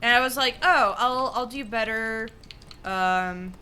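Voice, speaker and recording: A young woman streamer commenting on her gameplay, frustrated and venting, apologizing for her yelling. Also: on the high side, takes it slowly, slight background noise.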